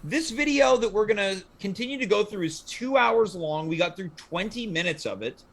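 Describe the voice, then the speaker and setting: Animated high-voiced man hosting a chat. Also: normal speed. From Canada. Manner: playful, animated, mock-formal questions. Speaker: host. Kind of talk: casual chat on a livestream show.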